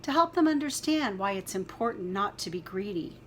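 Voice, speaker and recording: A woman doing a calm sensible mama bear. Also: mid-range voice, noisy background, lightly acted. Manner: calm, measured reasoning.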